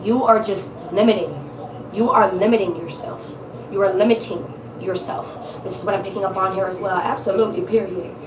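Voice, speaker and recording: A woman's voice: mid-range voice, fairly even intonation, a little fast, reverberant, far from the mic, background noise. A woman giving a casual tarot reading, blunt, emphatic and profane, repeating her points for stress. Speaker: tarot reader.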